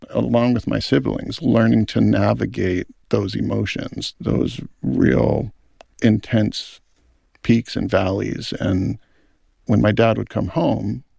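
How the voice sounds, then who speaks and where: A man's voice: lowish voice, vocal fry, a little mellow, breathy edge, no echo, studio quality. A middle-aged man, a film director, speaking in an earnest, thoughtful interview. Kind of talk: reflective interview talk.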